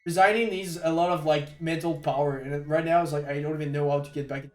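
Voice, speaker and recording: A young man from Quebec with a Québécois French accent, chatting on a live stream, excitable and stammering, laughing often. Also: on the high side, fast. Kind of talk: casual live-stream chat. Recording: echoey room with faint music.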